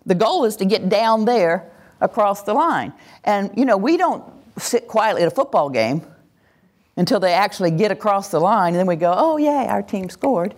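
A woman's voice: mid-range voice, normal speed. A woman presenter giving an interactive teaching talk to a live group in a room, acting out cheering voices as she talks. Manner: animated, acts out cheering voices. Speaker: workshop presenter.

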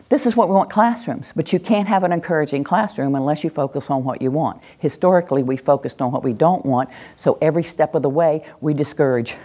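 Animated, low-voiced woman presenter. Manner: animated, acts out cheering voices. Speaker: workshop presenter. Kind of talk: interactive teaching talk. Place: room with a live group.

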